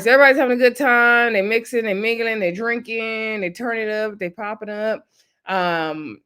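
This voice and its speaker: A woman's voice: mid-range voice, fairly bright tone. A woman, recapping a reality dating show in a casual, chatty way, laughing often and acting out what people said. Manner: chatty, laughs often, acts out quotes in quick asides.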